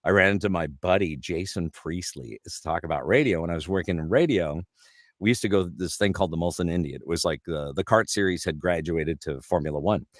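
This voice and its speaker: Deep, low middle-aged male guest, chatty and rambling, dry close sound. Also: fairly quick, dry recording. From Canada. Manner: animated anecdotes with lots of restarts and fillers. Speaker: guest voice actor. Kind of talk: casual interview storytelling.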